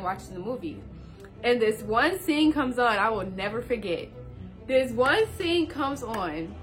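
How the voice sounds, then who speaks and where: A young woman, telling a story to her viewers in a casual vlog, animated and laughing as she talks. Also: a little high.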